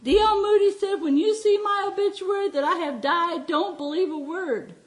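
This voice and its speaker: A middle-aged woman preaching a sermon, telling personal stories in a heartfelt, animated way and often laughing as she talks. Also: very high voice, moderate pace.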